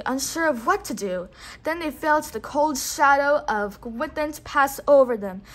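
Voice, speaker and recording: A woman narrating a read-along storybook, pausing so a listener can repeat words. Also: high-pitched, fairly bright tone. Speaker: storytime reader.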